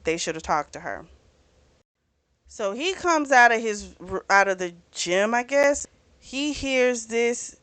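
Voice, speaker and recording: A woman hosting a book club recaps a novel in a chatty, casual way, peppering her retelling with "you know" and "he's like." Her mid-range voice is smooth, with no echo.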